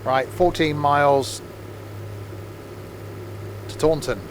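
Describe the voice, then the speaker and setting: A man's voice: fairly high pitch, steady tone, takes it slowly, slight background noise. A man streaming a train simulator live, chatting and rambling as he counts off the stops. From England. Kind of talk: live game commentary.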